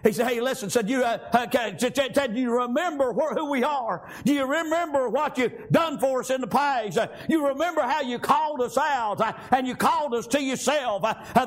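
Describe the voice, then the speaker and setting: A man preaching a sermon, shouting out emphatic lines and punctuating them with frequent amens. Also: very high voice.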